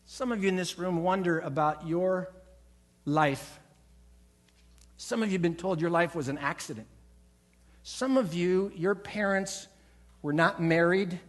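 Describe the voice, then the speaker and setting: A man's voice: high voice, measured pace, pauses often. A man preaching a sermon as a pastor, emphatic, acting out quoted voices and leading the congregation in call-and-response. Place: church sanctuary.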